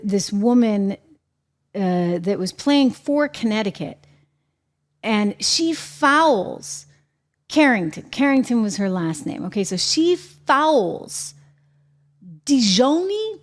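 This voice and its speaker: A woman hosting her own show, delivering emphatic, indignant commentary and repeating her points. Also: medium pitch. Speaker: show host. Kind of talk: opinionated commentary.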